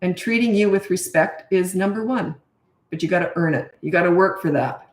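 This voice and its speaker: A woman's voice: fairly low pitch, a little fast. Middle-aged woman, parenting coach; blunt, emphatic delivery with self-mocking laughs; roomy, echoey sound. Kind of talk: casual advice monologue. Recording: echoey room.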